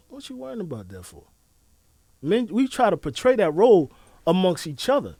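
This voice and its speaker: With a voice on the high side at normal speed and no echo, a podcast co-host chats casually. He's an animated storyteller who acts out quotes from the people in his stories.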